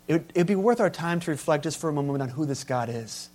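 A pastor preaching a sermon, stressing key words loudly and then dropping to quiet asides. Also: male voice, on the high side, fairly quick, few pauses. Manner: emphatic, swings between loud stresses and quiet asides.

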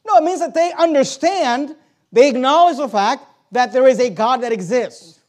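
A man with a very high voice delivers an emphatic sermon. He leans hard on key words and puts rhetorical questions to his listeners, pausing to read verses aloud. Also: darkish tone. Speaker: preacher.

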